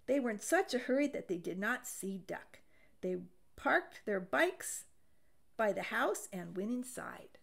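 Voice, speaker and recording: A woman reading a children's picture book aloud, animated and expressive. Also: mid-range voice, measured pace, creaky. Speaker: storybook reader.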